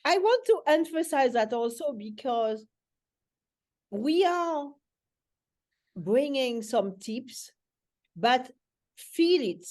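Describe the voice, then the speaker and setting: A woman life coach hosts a relaxed coaching talk. She speaks slowly and earnestly, in a fairly high voice, and takes her time to reflect. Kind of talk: casual coaching chat.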